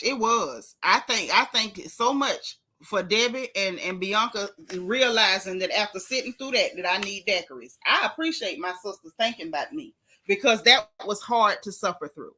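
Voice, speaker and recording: Sassy, bright-voiced woman gossip host. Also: mid-range voice, animated, normal speed. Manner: sassy, blunt and teasing, talking straight to viewers; reads viewer comments aloud and answers them. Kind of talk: casual celebrity gossip commentary.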